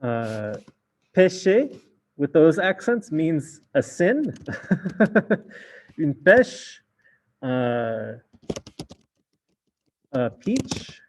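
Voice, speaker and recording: A man's voice: a little high, big pitch swings, very slow, long pauses, darkish tone, slight background noise. A man teaching a French class in a casual explaining way, with many fillers. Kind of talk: recorded class lesson.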